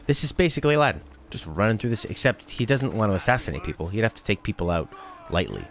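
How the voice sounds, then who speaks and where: A man's voice: on the low side, very animated, fast talker. A young man chatting casually and jokily as he plays through a video game. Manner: chatty, rambling, jokey. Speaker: gaming channel host. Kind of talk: casual let's-play commentary.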